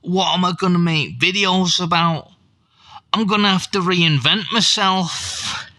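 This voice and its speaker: Sweary over-excited middle-aged youtuber guy, pitched up a bit, man mocking him. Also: a little slow, very noisy. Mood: panicked.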